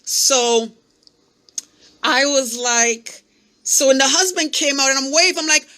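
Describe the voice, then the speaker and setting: A woman hosting a podcast, telling a personal story in an animated way and speaking straight to her listeners. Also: sits high, unhurried. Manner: animated, acts out the voices in her stories. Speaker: podcast host. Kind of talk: personal storytelling, coaching talk.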